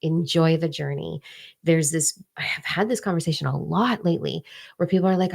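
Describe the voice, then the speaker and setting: A woman in her forties with a low, gravelly voice reads out a weekly energy forecast live. Her talk is casual and emphatic, and she hammers her main phrases again and again. The voice sits deep, with a fry at the bottom. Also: a little fast, darkish tone. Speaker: spiritual reader.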